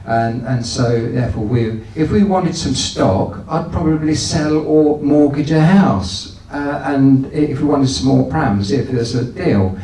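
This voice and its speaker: A man's voice: mid-range voice, measured pace, hardly any pauses, warm tone, soft background music. A man giving a folksy, anecdotal business talk to an audience, with frequent restarts. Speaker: guest speaker. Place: event hall. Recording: echoey hall, distant from the mic.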